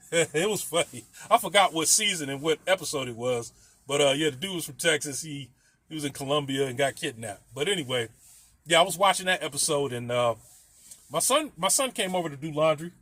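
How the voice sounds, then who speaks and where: A middle-aged man rambles through a casual story, swearing freely and laughing between lines. His voice sits high for a man. The sound is dry and close. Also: expressive, fairly quick, bright, forceful tone, dry recording.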